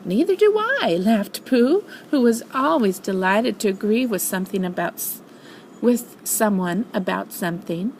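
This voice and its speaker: An older woman, a grandmother, reading a storybook aloud in an expressive, animated way. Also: mid-range voice, unhurried, a little hiss or hum, low-quality recording.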